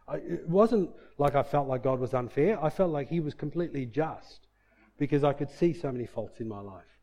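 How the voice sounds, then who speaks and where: A man's voice: mid-range voice, expressive, a little fast, darkish tone. Earnest man telling his faith testimony. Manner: earnest and emotional, with frequent "like" and "you know" and reenacted quotes. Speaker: speaker sharing a personal faith testimony. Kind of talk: personal testimony storytelling.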